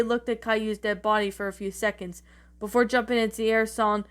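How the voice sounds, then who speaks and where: A woman's voice: medium pitch, little pitch movement, brisk, fairly bright tone, smooth. A woman narrating a creepypasta-style story, reading aloud with frequent stumbles and restarts. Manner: reads with frequent slips and restarts. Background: faint background music.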